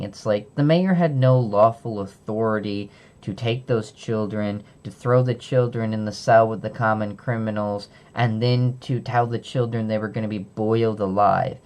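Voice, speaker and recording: Low gravelly man retelling a story. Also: steady tone, moderate pace, hardly any pauses, darkish tone, lo-fi sound. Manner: casual, loose retelling with fillers and self-corrections. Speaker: book reviewer. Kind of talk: unscripted book summary.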